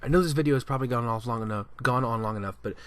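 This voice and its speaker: A man giving casual commentary in an ordinary middle-pitched voice. He sounds animated and emphatic, and he often stops and restarts his sentences. The recording is dry and close, with no room sound. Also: very fast, no echo. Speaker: commentary vlogger.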